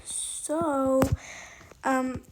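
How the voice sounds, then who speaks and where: A woman telling a rambling personal story while playing a game, full of fillers and soft, half-whispered asides. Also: high-pitched, fairly even intonation, very slow. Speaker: storytime gamer. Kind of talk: casual storytime while gaming. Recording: loud background noise.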